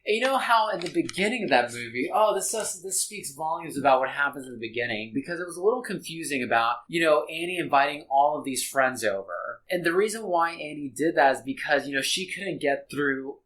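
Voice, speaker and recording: A man's voice: fairly high pitch, animated, fairly quick, hardly any pauses, fairly bright tone, rough recording. Rambling, earnest man chatting casually. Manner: rambling, earnest, frequent restarts. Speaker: podcast guest. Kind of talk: casual reaction chat.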